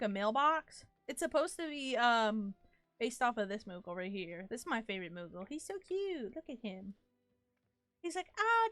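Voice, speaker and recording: A woman with a somewhat high, fairly bright voice streams a game live, recorded without echo. She laughs often and keeps up playful, casual chat with her viewers while she plays.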